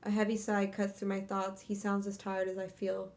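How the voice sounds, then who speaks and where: A woman's voice: mid-range voice, monotone, moderate pace, darkish tone. A young woman streamer reading a fantasy novel aloud in first person, with casual asides and curses between passages. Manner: reads in first person, breaks off to laugh and curse. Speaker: streamer hosting a book club reading.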